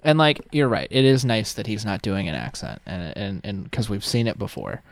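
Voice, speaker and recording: Lively, gravelly man podcasting. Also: fairly low pitch, normal speed, no echo. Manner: expressive, incredulous rhetorical questions. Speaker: podcast co-host. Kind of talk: casual chat.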